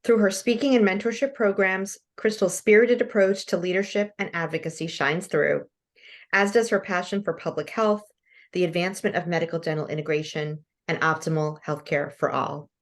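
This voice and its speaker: A woman's voice: lowish voice, fairly even intonation. Woman moderator reading an introduction. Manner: reads guidelines and bio in a measured way. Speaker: webinar moderator. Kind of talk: scripted introduction. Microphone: video call.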